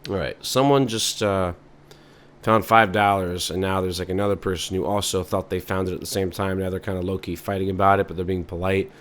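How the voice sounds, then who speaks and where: A man hosts a podcast with a rather low voice, musing out loud in an improvised comic monologue. He rambles and meanders, deadpan and full of fillers. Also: a little fast. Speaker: podcast host.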